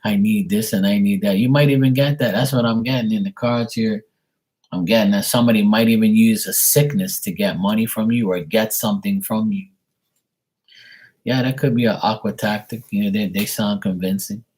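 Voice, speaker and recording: A man's voice: lowish voice, fairly even intonation, fairly quick, darkish tone, husky. A man chatting casually on a live stream, giving tarot readings for viewers' paid questions. He rambles loosely and bluntly, swears freely, and leans on fillers and restarts.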